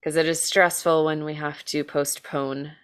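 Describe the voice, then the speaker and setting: A woman's voice: sits low, level tone, normal speed. An American woman co-hosting a true-crime podcast in casual chat, talking chattily with lots of fillers, self-deprecating jokes and the odd swear word. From United States. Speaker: podcast co-host telling a true-crime case.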